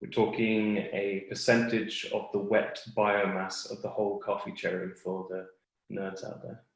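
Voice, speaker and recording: A man explaining clearly and patiently as a guest expert on a webinar. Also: on the low side, little pitch movement, a little slow, very echoey, low-quality recording.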